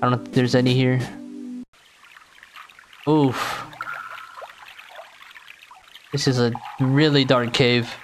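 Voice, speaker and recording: Laid back guy doing gameplay commentary, slow talker, jokey. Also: mid-range voice, little pitch movement, over music. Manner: joking, playful asides. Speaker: gaming channel host.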